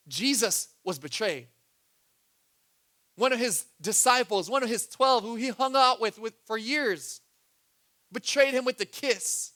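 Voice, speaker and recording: A male pastor preaching a sermon in a high, bright, forceful voice. He drops into quiet, low asides, then climbs back to loud, urgent appeals.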